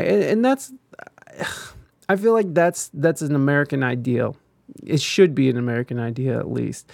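Gravelly, profane ranting man. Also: on the high side, expressive, moderate pace, dry recording, studio quality. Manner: profane, heated, rambling with frequent restarts. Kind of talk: casual ranting commentary.

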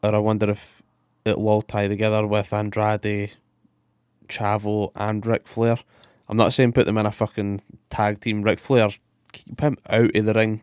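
A man talks casually on a podcast, full of swearing and enthusiasm. His voice is low, smooth and resonant. The sound is dry and close. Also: little pitch movement, normal speed, a little mellow, dry recording. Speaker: podcast co-host. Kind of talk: casual wrestling podcast chat.

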